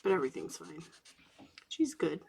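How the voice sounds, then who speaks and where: A woman in her thirties talks quietly as she colors late at night, now and then slipping into a whisper. Her voice sits low and has a husky, breathy grain with some fry. The faint scratch of a marker on paper runs underneath. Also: big pitch swings, moderate pace. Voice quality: gravelly, husky voice. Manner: soft-spoken, drifting into whispers at times. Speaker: coloring channel host. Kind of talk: relaxed late-night chat while coloring.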